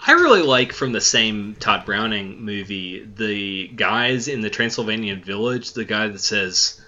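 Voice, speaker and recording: A man's voice: on the low side, lively intonation, unhurried, sharp tone. Upbeat man on a dull lo-fi mic. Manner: upbeat, asks the others questions. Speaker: podcast host. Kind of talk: casual movie chat.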